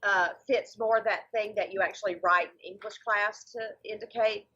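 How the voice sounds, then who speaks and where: Husky woman gushing about musicals on a podcast, bright voice. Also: medium pitch, steady tone, moderate pace, muffled recording. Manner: enthusiastic, explains at length. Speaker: guest comedian. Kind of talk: casual podcast chat.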